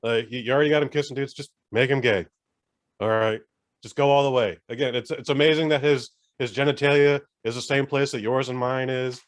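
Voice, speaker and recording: A man's voice: medium pitch, fairly even intonation, a little fast. Blunt, swearing podcast co-host man. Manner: blunt, swearing, emphatic rants. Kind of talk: casual chat.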